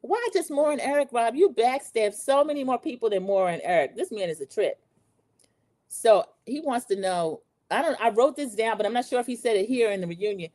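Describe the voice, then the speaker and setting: A woman hosting a podcast, recapping a TV show in a chatty, animated way and talking straight to her listeners. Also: on the high side, a little fast, no echo. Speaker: podcast host. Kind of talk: casual TV recap chat.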